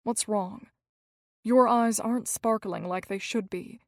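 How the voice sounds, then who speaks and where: A woman voicing a gentle, shy young male doctor in an audiobook, soft-spoken, hesitant and tender. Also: mid-range voice, steady tone, unhurried, dry recording, clean studio sound, lightly acted.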